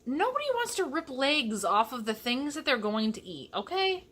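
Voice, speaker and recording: Bright, chatty young woman vlogger. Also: sits high, very animated, normal speed. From Michigan. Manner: chatty, sassy asides. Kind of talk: casual cooking vlog. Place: home kitchen.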